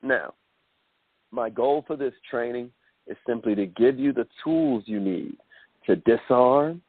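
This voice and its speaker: A man coaching listeners in a motivational call training, animated and calling them millionaires, heard over a phone call. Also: mid-range voice, unhurried, husky, dry recording. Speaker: self-development coach. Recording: dry tinny phone line.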